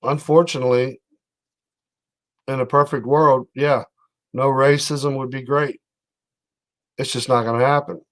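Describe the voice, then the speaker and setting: A man's voice: medium pitch, flat delivery, a little slow, pauses often. A man giving casual, blunt commentary on news clips, rambling with fillers.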